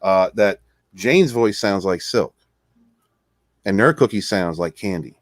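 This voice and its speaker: Male co-host, playful and teasing, middle pitch, dry close sound. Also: lively intonation, a little slow, no echo. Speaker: podcast co-host. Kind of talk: casual live-stream chat.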